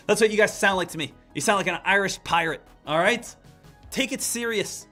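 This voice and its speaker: Bright-voiced man hosting a trading stream. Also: high-pitched, brisk, soft background music. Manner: animated, lecturing, addresses the chat directly. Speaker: day trading livestream host. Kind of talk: live trading commentary.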